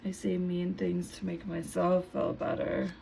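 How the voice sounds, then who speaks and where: A woman doing a relaxed tarot reading, her voice a bit hoarse from just waking up. She sits low and gravelly, with a mellow, dark tone. She muses her way through the cards and lets thoughts trail off. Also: slight background noise, rough recording. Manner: unhurried, musing, trailing off mid-thought. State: slightly hoarse, just woke up. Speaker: tarot reader.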